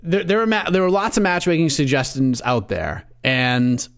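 A man's voice: a little high, lively intonation, normal speed, clear, resonant tone. A man co-hosting a casual podcast, recounting his past opinions in a storytelling way. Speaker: podcast co-host. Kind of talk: casual podcast chat about fight matchmaking.

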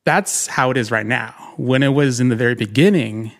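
This podcast co-host and writer has a gravelly, mid-range voice and talks briskly. He chats casually and rambles with plenty of fillers, acting out his own thoughts as he goes.

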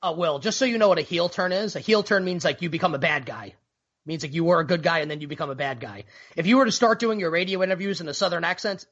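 A man's voice: a little high, fast, a bit bright. A man co-hosting a sports betting podcast, brash and teasing in casual chat. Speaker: podcast co-host. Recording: dull lo-fi podcast audio.

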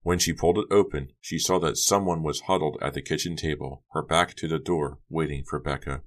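A man narrating an audiobook in a steady, dramatic reading. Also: rumbling low, fairly quick.

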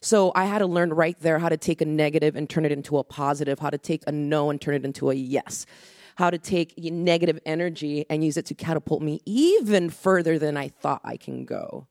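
A middle-aged woman from Mexico talks on a panel in a slightly low voice, recorded dry and close. She is a conductor who tells her story with animation and acts out the other people in it. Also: a little fast, no echo. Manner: animated storyteller acting out quoted dialogue.

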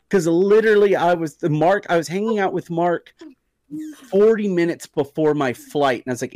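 A young man co-hosting a podcast in casual chat, telling stories in an animated, joking way. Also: high-pitched, normal speed, no room sound. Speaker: podcast co-host.

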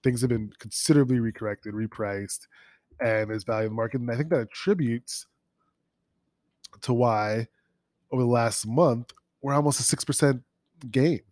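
A man's voice: medium pitch, normal speed, pauses often, a little mellow, dry recording. A man hosting a solo finance news podcast, talking casually with frequent ums and restarts while sick with sniffles. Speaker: podcast host.

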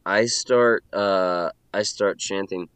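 A man's voice: low-pitched, takes it slowly, fairly bright tone, clean tone. A man taking part as a player in a tabletop role-playing game, playful and stumbling over his words. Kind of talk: in-character tabletop play.

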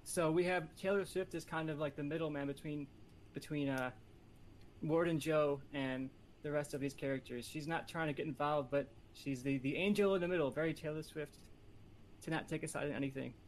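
A man pitching a movie on a casual podcast, talking in a playful, rambling, competitive way. His voice sits slightly higher than most men's. Faint ambient hum runs behind him. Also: fairly quick. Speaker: podcast panelist. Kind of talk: casual chat.

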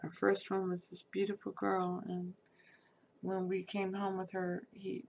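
A middle-aged woman with a drawl tells a personal story in a relaxed, unscripted way. Her voice has a gravelly rasp at mid pitch, and she speaks bluntly, peppering her account with fillers. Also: unhurried, a little hiss or hum. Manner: candid and salty, with frequent fillers and laughs. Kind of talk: personal life story told casually.

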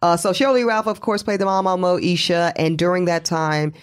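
A man co-hosting a podcast, talking through celebrity news in casual chat, animated and quick with asides and laughter. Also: smooth. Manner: animated, pitch jumping high for emphasis, quick asides and laughs. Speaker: podcast co-host. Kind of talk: casual pop-culture chat.

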